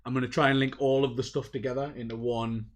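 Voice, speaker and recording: A man hosting a casual livestream chat, excitable and rambling, poking fun at himself. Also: medium pitch, quick pace, a crowd in the background. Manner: excitable, rambling, self-mocking. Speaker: livestream host.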